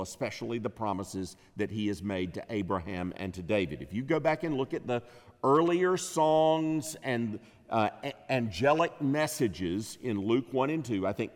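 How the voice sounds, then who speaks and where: A man preaching an expository sermon, measured and emphatic, rising in pitch and volume on key phrases. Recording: long reverb of a large hall.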